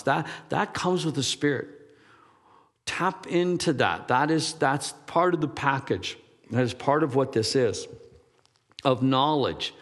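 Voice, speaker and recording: A man's voice: mid-range voice, fairly bright tone. Rambling preacher in his sixties, hall reverb. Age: 60s. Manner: rambling, self-deprecating, laughs at himself. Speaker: pastor. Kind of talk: sermon.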